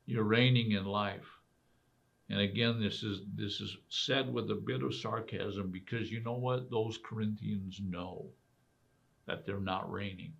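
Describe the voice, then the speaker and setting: Slow gravelly-voiced male preacher. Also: fairly low pitch, steady tone, a bit bright. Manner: emphatic preaching with rhetorical questions. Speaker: pastor. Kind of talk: sermon. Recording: dull lo-fi recording.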